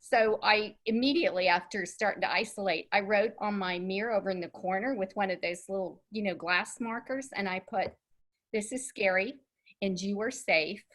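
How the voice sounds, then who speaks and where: Woman in her 60s, podcast host, chatty and easy, laughs between points, mid-pitched voice. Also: brisk, few pauses, a bit bright. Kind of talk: casual conversational interview.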